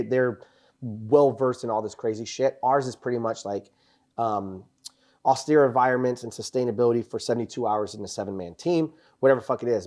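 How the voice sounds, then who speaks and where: A man's voice: medium pitch, a little mellow. A young man hosting a casual chat, telling rambling, profane war stories full of "bro" and "dude". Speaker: podcast host, former Marine.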